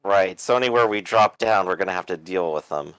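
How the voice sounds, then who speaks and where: A man's voice: deep voice, fairly quick, a bit bright, smooth, dry recording, rough recording. A man playing a tabletop game, thinking aloud and asking practical questions about the plan. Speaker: player. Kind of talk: casual tabletop game talk.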